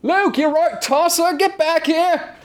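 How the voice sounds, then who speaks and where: A man's voice: extremely high pitch, slow pace, pitched above the performer's own voice. A man voicing a teasing young British man with a put-on British accent, berating his friend. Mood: mocking. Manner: rowdy, teasing.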